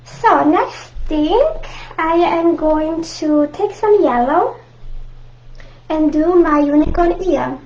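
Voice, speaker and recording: Italian lady painting live online, high voice w some gravel, dull lo-fi sound. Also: slow. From Italy. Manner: chatty, warm asides to viewers, frequent laughs. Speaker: art teacher. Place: home art room. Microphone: camera mic at close range. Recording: dull lo-fi livestream audio.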